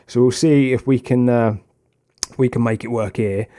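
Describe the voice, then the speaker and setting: A young man commentating on his own football management game, swinging from tactical muttering to excited shouts. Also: medium pitch, moderate pace. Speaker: gaming video host. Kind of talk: casual gameplay commentary.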